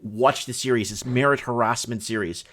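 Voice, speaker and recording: A man hosting a casual livestream from a home studio, talking through chat messages in an excitable, rambling way. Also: mid-range voice, moderate pace. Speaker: livestream host.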